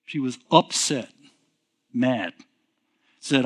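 This man's pitch is fairly high and his tone fairly bright, and he speaks a little slowly. As a pastor recounting something personal in a sermon, he wanders conversationally, says things twice, and keeps resetting with "so anyways."

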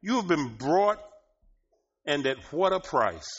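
A man preaching a sermon, often laughing and rising to loud, emphatic bursts, in a dull lo-fi recording. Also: fairly high pitch, big pitch swings, slow, slightly rough.

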